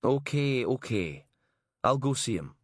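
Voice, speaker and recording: A man's voice: mid-range voice, big pitch swings, a little slow, no room sound, studio quality. A male narrator voicing a weary, cautious male detective sergeant who picks his words carefully. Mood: wary. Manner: careful, reluctant.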